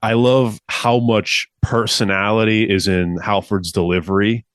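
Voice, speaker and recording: A man's voice: fairly low pitch, fairly even intonation, unhurried, clean tone, dry recording, clean studio sound. A man in a casual podcast discussion about an album, talking with enthusiasm and filling his sentences with "like". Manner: enthusiastic, fillers and "like".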